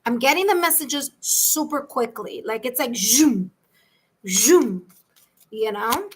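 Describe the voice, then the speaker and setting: A woman with a New York accent hosts a live-stream tarot reading, chatting warmly and reassuring viewers as she calls each of them by name. Her voice sits high and sounds bright and forceful. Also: slight background noise. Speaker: tarot reader.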